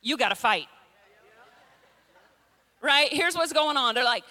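A woman's voice: sits high, animated, slow pace, long pauses, pushed and bright, soft background music. A middle-aged woman preacher giving a sermon in a humorous, conversational way, full of playful impressions. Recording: long reverb in a large hall.

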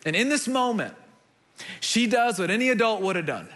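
A young man preaching a sermon, telling stories in an animated way and repeating words as he builds a point. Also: high-pitched, normal speed. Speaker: pastor.

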